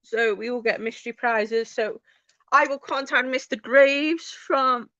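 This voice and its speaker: A woman vlogging in casual chat, talking in a halting, hesitant way with many fillers. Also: on the high side, a bit bright, no room sound, lo-fi sound.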